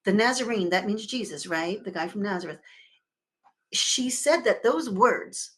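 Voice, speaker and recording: A woman minister giving a sermon in a conversational, expressive way, swelling and dropping her volume and leading the congregation in repeating words together. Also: medium pitch, unhurried. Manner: expressive with sudden swells and drops in loudness.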